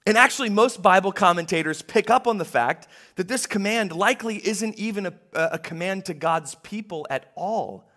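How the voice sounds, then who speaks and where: Man preaching, fairly high voice. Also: expressive, normal speed, hardly any pauses. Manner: conversational preaching, swinging between hushed and emphatic. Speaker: pastor. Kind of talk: sermon. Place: church.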